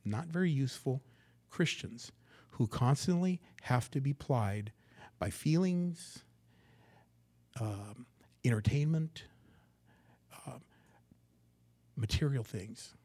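A man's voice: expressive, slow, pauses often. Dynamic male preacher. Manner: dynamic preaching, swinging from loud emphasis to hushed low lines. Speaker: pastor. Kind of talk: sermon. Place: church sanctuary.

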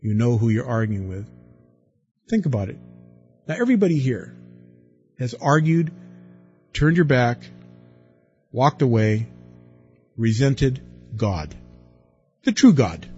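A man preaching a sermon, lively and dramatic, acting out the people he quotes with big swings in his voice. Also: mid-range voice, slow, pauses often, highs cut off, faint music behind. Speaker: pastor.

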